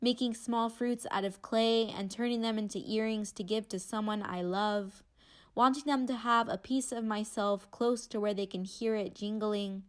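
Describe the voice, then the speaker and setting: A woman's voice: mid-range voice, steady tone, moderate pace, clear, resonant tone. A young woman performing spoken word in a candid, wry, conversational way. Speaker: student poet.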